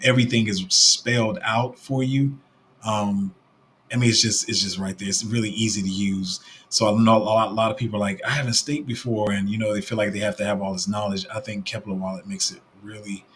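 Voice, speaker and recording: A young man talks low and easygoing, hosting a livestream and reading out viewer comments as he goes. He rambles, stops and restarts his sentences, and fills the gaps with ums. A faint hiss of room ambience sits under his voice. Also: a bit bright. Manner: rambling, with many fillers and restarts. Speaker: crypto livestream host.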